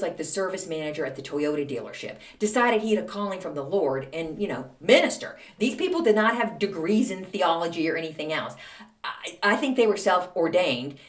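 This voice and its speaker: A chatty woman with a drawl spins a long, rambling story, her pitch swooping up and down as she acts out both sides of the conversation. She sits a little back from the mic, and the room rings around her voice. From Texas. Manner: chatty, animated, with many fillers and acted-out quoted dialogue. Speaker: podcast host. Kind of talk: casual storytelling monologue. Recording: roomy, a little distant from the mic.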